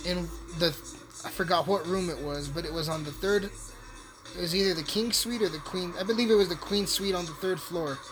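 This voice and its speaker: Profane rambling man over background music. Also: sits high. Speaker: hotel worker telling a story. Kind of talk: casual storytelling while playing a video game. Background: music playing.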